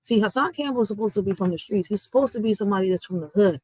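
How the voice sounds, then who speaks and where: A woman's voice: mid-range voice, racing, a little mellow, slightly rough, no room sound, low-quality recording. Woman vlogger, blunt and emphatic, dry close sound. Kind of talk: heated social media commentary.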